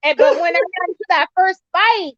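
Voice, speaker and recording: A woman's voice: extremely high pitch, moderate pace, no room sound. A woman guest on a casual panel chat, talking bluntly and swearing as she tells stories. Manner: blunt, animated storytelling, swears. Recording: dry dull lo-fi call audio.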